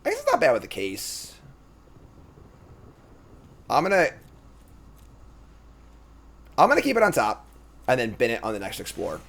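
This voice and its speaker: A man's voice: mid-range voice, wildly swooping pitch, a little fast, gravelly, fairly bright tone. A man streaming a card game, thinking aloud in casual commentary and trailing off with fillers.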